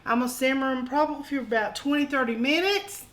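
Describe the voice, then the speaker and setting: A woman's voice: high-pitched, fast talker, background noise. A woman hosting a home cooking show, talking in a folksy, joking way and calling viewers honey. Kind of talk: casual cooking demonstration. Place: home kitchen.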